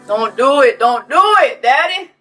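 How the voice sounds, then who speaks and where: A woman recaps a reality show in a bright, high voice. She takes her time and speaks loud, profane, casual commentary to her viewers. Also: expressive, a little slow, faint music behind. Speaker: host.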